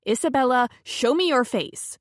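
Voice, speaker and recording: Stern bossy girlfriend in an audiobook, firm and pushy, pitched high with brisk questions, as the woman narrator puts her on. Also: no echo, clean studio sound, natural voice. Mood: stern concern. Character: stern, caring woman friend, bossy and protective.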